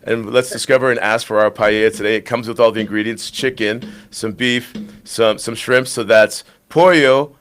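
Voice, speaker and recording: A man's voice: mid-range voice, steady tone, moderate pace, hardly any pauses, fairly bright tone. A man hosting a live show, keeping upbeat host patter going with frequent fillers.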